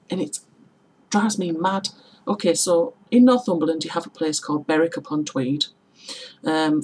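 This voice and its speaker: A woman's voice: deep voice, a little mellow, slightly rough, poor audio. A woman from Middlesbrough with a Teesside accent, chatting casually in a tag video and explaining local words with examples and spellings. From Middlesbrough, England. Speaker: vlogger.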